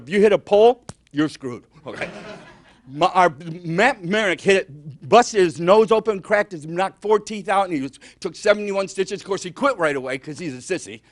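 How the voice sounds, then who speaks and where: An older man from Detroit doing rambling, self-mocking stand-up comedy. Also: high-pitched. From Detroit, Michigan. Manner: rambling, self-mocking, exaggerated tall tales.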